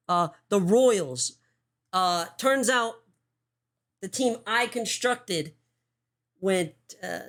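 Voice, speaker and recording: Woman streamer, casual commentary, heavy swearing, mid pitch. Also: fairly bright tone. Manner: swears often, talks in quick restarts. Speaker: streamer hosting a show.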